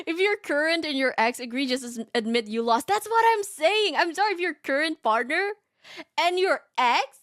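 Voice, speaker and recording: A woman streamer reading a story aloud and reacting in casual chat, animated and giggly, often laughing. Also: sits high, normal speed, no echo, studio quality. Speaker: VTuber streamer.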